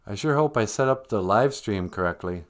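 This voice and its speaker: Lively, rambling man chatting on a livestream. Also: lowish voice, moderate pace. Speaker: livestream host. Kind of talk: casual chat.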